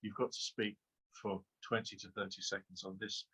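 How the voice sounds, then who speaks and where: A man's voice: low-pitched, flat delivery, normal speed, sharp tone, breathy edge, low-quality recording. A man giving a lecture as an exam trainer, speaking emphatically and asking many rhetorical questions with a frequent "okay?". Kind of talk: webinar lecture.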